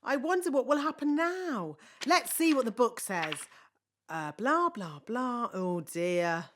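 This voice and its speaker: Nanny Plum, a fussy fairy nanny. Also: female voice, fairly high pitch, expressive, takes it slowly, a bit bright, slight background noise. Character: bossy, scatterbrained fairy nanny.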